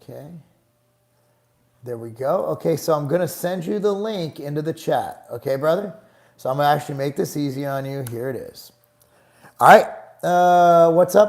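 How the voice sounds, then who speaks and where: Gravelly middle-aged dude doing a live q&a, blunt and swears a lot, kinda high voice. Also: male voice, darkish tone. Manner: blunt, profane, gets heated and exasperated. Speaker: host answering live chat questions. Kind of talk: casual live Q&A stream.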